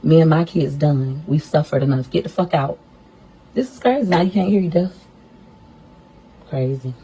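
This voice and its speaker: A woman's voice: low-pitched, brisk, mellow, slightly rough, low-quality recording. A woman in a played video clip, cursing as she scolds a man and orders him to get out. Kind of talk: angry confrontation.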